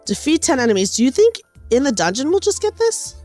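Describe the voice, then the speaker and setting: Bubbly, lively high-voiced woman streamer. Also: a little fast. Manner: bubbly, excitable, giggly. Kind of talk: casual game stream chat. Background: faint game music.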